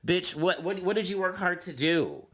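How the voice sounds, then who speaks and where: A man's voice: normal speed, a bit bright. A man giving a sassy, gossipy recap of a reality TV episode, calling his listeners honey and girl. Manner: mimics cast members in high voices. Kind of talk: casual recap commentary.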